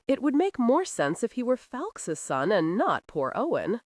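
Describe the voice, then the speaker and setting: A woman's voice: on the high side, huge pitch swings, unhurried, no room sound, clean studio sound, pitched above the performer's own voice, full character voice. A woman voicing a curt brooding lord. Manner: curt, commanding. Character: brooding gruff young lord, short-tempered.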